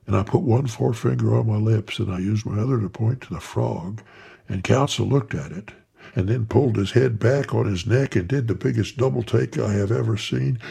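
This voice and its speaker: Husky raspy guy spinning a down-home yarn, easygoing, talks right to you. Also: lowish voice, warm tone. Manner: unhurried, addressing listeners by name. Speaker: storyteller. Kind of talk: folksy spoken storytelling.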